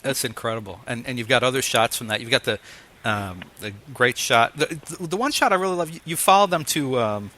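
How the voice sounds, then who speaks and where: A man in his fifties hosting an interview, telling stories in a casual, animated way and acting out the voices he quotes. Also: medium pitch, fairly quick. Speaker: interviewer host.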